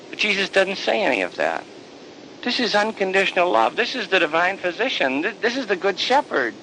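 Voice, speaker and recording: A priest telling a sermon story with animated, dramatic delivery. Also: male voice, high voice, a little fast, a little hiss or hum, low-quality recording.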